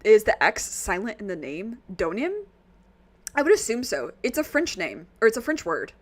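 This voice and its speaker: A woman's voice: medium pitch, huge pitch swings, normal speed. An American woman streaming a game, chatting casually and laughing often between jokey asides. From United States. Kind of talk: casual let's-play commentary.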